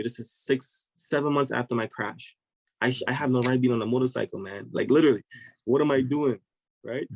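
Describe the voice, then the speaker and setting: A man, a podcast guest, telling a personal story in an animated, conversational way and acting out the voices of people in it. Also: medium pitch, no room sound, rough recording. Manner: vivid, acts out voices of people in his story.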